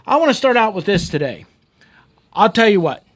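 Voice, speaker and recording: A man's voice: high-pitched, big pitch swings, fairly quick, fairly bright tone. A middle-aged man who hosts a folksy talk radio show, rallying listeners in a fiery, slang-filled way. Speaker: radio show host and local official.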